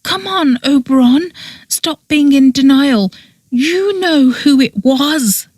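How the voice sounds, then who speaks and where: A woman's voice: sits high, animated, takes it slowly, dry recording, voice pushed up. A woman voicing a tearful, pleading young woman. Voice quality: small, wavering voice. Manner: pleading, near tears, rising to a wail. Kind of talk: audiobook character voice.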